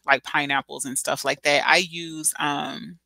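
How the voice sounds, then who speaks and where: Bright-voiced, chatty woman livestreamer. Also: low-pitched, steady tone, measured pace, vocal fry, no room sound. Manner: chatty and dramatic, lots of slang and laughter. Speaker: livestream host reading chat. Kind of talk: casual livestream chat.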